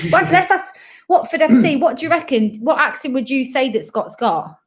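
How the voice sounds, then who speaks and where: A woman's voice: sits high, expressive, normal speed. Woman, from Coventry, thirties, chatty, giggly, casual live stream. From Coventry, England. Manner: chatty, bubbly, laughs often. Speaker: dementia carer and travel vlogger.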